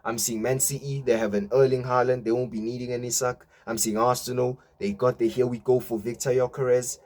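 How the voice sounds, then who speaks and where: A man's voice: medium pitch, little pitch movement, brisk, a little mellow. A young man, a football fan vlogger giving a mocking, swearing rant and tagging his lines with "yeah?". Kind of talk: ranting fan reaction.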